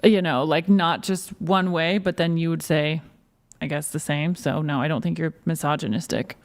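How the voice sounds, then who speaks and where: A woman's voice: low voice, steady tone, normal speed. A woman on a discussion panel, answering hesitantly and hedging her views. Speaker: panel guest. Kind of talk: casual chat.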